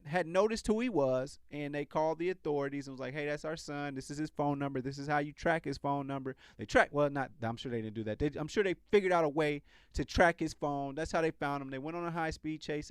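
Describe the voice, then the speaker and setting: A man's voice: a little high, a little fast, clear, resonant tone, dry recording, clean studio sound. A man hosting a podcast, talking in a casual, sarcastic commentary style and often restarting his sentences. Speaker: podcast host.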